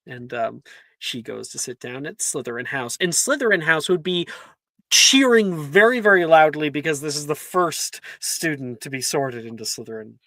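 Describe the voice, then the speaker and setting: A game master narrates a tabletop role-playing game in a relaxed way, often laughing and clearing his throat. The voice is medium-pitched at a moderate pace, and the recording is dry.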